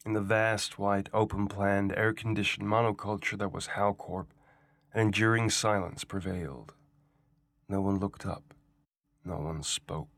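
A man reading a science-fiction short story aloud as guest reader, in a measured, unhurried storytelling style, on a close studio mic. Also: lowish voice, gravelly, a bit bright, no room sound. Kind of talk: scripted narration.

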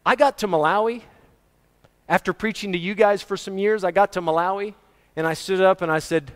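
A middle-aged man preaching a sermon, swinging between booming shouts and soft asides and chuckling often. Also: fairly quick, clear, resonant tone. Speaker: pastor. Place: church hall. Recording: reverberant church hall.

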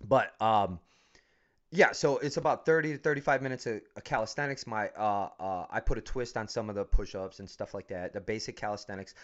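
A man's voice: fairly low pitch, brisk, dull audio. A man who coaches fighters, chatting casually and profanely, telling stories with frequent laughs. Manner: profane, storytelling, laughs often. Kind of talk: casual podcast chat.

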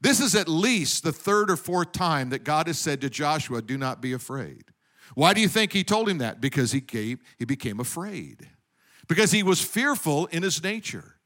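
A man's voice: a little high, big pitch swings, normal speed, fairly bright tone. A man preaching a sermon in a conversational way, rising with emphasis on key points. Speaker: pastor.

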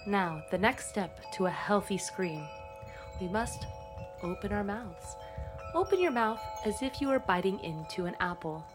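A woman guiding a slow breathing and voice exercise in a calm, coaching manner. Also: mid-range voice, music in the background. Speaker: voice instructor.

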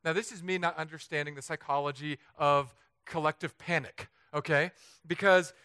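A man from Southern California preaching a humorous storytelling sermon, animated and self-mocking, acting out the voices he quotes. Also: fairly high pitch, normal speed, smooth, no room sound. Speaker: pastor.

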